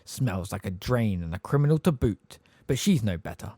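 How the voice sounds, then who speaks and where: A man voicing an old male house elf, hoarse and deep, muttering bitterly under his breath in an audiobook. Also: animated, moderate pace, mellow, no room sound.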